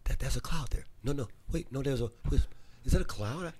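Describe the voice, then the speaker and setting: A man hosting a radio talk show, moving from a motivational monologue into excitable, chatty banter with frequent laughter. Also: mid-range voice, quick pace, slight background noise.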